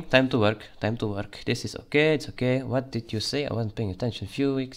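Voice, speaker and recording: In this let's play, a gaming channel host speaks in a mid-range voice at normal speed with few pauses. He plays a border guard, hamming up a fake Russian-style voice and muttering over the documents he reads.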